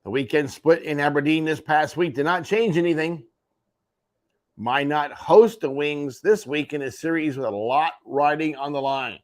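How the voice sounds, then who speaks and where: This is a sports radio rundown: the host, a man, covers junior hockey standings on his morning show and drops wry, offhand remarks along the way. His pitch leans high, and he keeps a moderate pace.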